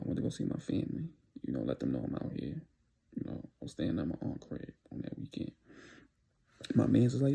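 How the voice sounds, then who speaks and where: A man's voice: medium pitch, gravelly, warm tone, slightly rough. A young man telling a casual storytime tale in loose street slang, full of "you know"s. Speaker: vlogger telling a dating story.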